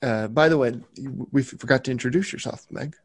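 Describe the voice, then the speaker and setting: A man's voice: mid-range voice, fast, husky. A man co-hosting a casual talk show, telling a rambling, self-mocking story. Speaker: podcast co-host. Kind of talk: casual chat.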